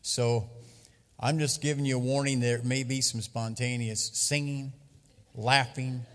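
A man preaching a sermon to a church congregation, lively and loud at times. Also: medium pitch, a little slow, long reverb tail. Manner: lively, loud bursts, sings and laughs at times. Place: church hall. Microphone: handheld mic.

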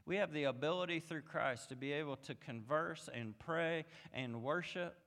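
A man preaching a sermon as pastor, moving from quiet reflection to emphatic, rising passages. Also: a little high, moderate pace. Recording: long hall reverb.

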